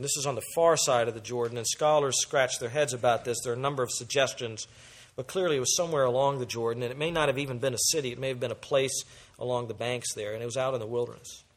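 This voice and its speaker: A man preaching a sermon as pastor, with emphatic delivery that moves between loud and soft. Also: medium pitch.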